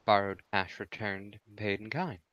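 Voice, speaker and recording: A man's voice: on the low side, fairly even intonation, normal speed, a bit bright, dry recording, lo-fi sound. A man playing a tabletop role-play game, switching between narrating and speaking in character. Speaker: tabletop player.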